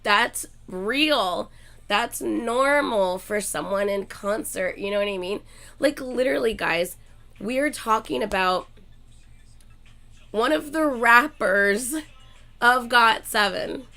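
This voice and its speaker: Brief: young woman streamer, a bit sick and coughing, gushing casual chat with viewers, gravelly fry, faint music behind. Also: on the high side, takes it slowly. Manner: excitable, gushing, reads chat names aloud.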